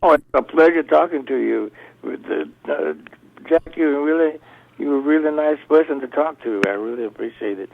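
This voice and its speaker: An older man chats about music over a phone-thin line, his voice gravelly. He tells stories in loose, restarting sentences. The sound is tinny and narrow, as on a call-in. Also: fairly high pitch, expressive, normal speed. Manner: rambling storyteller, restarts often. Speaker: blues musician guest. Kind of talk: radio interview conversation.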